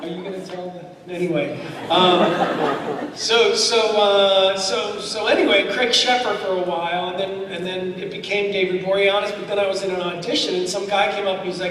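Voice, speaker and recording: A man guest at a convention panel, telling lively anecdotes full of laughter and acted-out quotes. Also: high-pitched, a little fast. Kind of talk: storytelling at a fan panel. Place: large convention hall. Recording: echoey hall mic from far off with noise.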